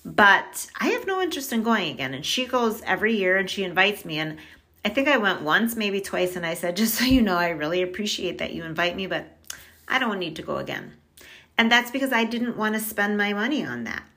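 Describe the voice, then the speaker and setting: A woman's voice: medium pitch, pushed and bright. A middle-aged woman chatting casually as a podcast guest, upbeat and talkative, often saying "like" and laughing easily. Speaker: podcast guest on money mindset. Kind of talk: casual chat.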